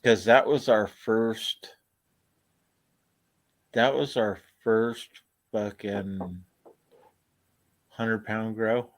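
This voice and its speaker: A man's voice: on the low side, steady tone, drawn-out words, pauses often, no room sound. Laid-back cursing man telling stories. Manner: laid-back, profane, laughs through his stories. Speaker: storyteller. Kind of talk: casual storytelling chat.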